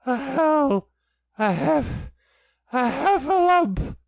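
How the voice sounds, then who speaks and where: A man reading a storybook aloud and voicing a tiny, timid young male piglet in a high, squeaky, stammering, breathless voice. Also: expressive, extremely slow, vocal fry, a little mellow, dry recording, exaggerated voice.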